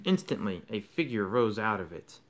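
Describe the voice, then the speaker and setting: A man's voice: on the low side, very animated, normal speed. A man reading a novel aloud as an audiobook, telling the story expressively. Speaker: audiobook reader.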